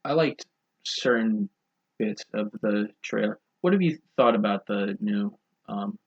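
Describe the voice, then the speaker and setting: A young man rambles through a casual podcast chat, tossing off crude jokes in a low, gravelly voice with a husky edge. The sound is dull and lo-fi. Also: measured pace. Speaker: podcast co-host.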